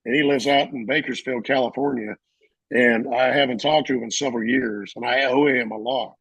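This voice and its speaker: A middle-aged man with a gravelly, slightly husky voice, pitched a bit higher than most men. He tells a service story in a casual, animated way into a close, dry mic. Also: brisk, dry recording, low-quality recording. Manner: animated, acts out quoted officers in loud bursts. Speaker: veteran guest.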